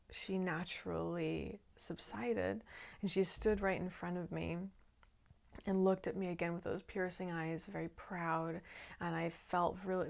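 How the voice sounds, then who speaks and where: A woman who works as a shadow work coach, telling a personal spiritual story in a calm, earnest way. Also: fairly low pitch, vocal fry.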